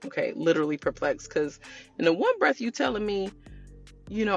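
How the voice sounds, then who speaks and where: A woman chats straight to her viewers, telling a story casually with lively asides and lots of y'all. Her voice has a gravelly, creaky edge and sits at an ordinary middle pitch. Soft music plays faintly underneath. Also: a little fast. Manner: animated, addresses viewers as y'all, acts out quotes. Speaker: storytelling vlogger.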